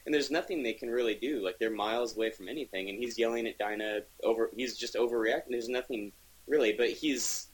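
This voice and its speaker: A man's voice: medium pitch, brisk, breathy edge, poor audio. A man co-hosting a podcast, talking enthusiastically in a rambling casual way with many restarts. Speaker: podcast co-host reviewing comics. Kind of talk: casual chat.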